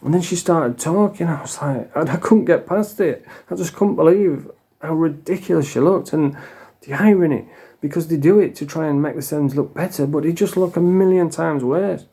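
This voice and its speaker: A man's voice: a little high, normal speed, warm tone, husky. A middle-aged man with a Yorkshire accent, ranting bluntly and swearing freely in a monologue vlog. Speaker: vlogger.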